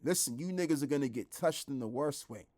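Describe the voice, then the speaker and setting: A man preaching online, blunt and repetitive, who drops into a lower, quieter voice when he reads scripture aloud. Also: a little fast. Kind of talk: street-style preaching commentary.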